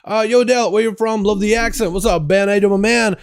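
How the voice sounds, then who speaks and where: High-voiced man with a slight Russian accent. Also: steady tone, brisk. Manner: slangy and laid-back, greets chat with "yo" and "boys". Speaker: game streamer. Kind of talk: casual livestream chat. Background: faint music.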